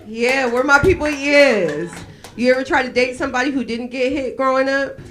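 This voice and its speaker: A woman's voice: high-pitched, moderate pace, slight background noise. Brash, profane woman comedian on stage. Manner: brash, profane, deadpan about dark topics. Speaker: stand-up comedian. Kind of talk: live stand-up set. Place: small cafe stage, live audience.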